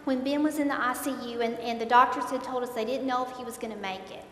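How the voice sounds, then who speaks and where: High-voiced woman in echoey hall. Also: steady tone, quick pace, sharp tone. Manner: earnest, repeats words while recounting, voice rises in dismay. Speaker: speaker giving a personal testimony. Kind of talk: emotional faith testimony storytelling. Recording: echoey hall, faint rumble.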